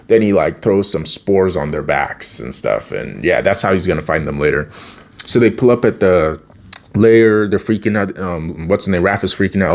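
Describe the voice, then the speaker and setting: A man's voice: low voice, animated, moderate pace, a little mellow. A young man casually recapping a cartoon episode, rambling, laughing often and swearing now and then.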